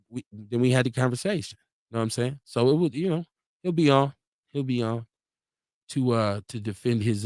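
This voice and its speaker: A man hosting a live talk stream in a loose, animated way, reading viewer comments aloud and acting out quotes. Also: on the high side, no echo, clean studio sound. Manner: loose, animated, laughs often, acts out quotes. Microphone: streaming mic.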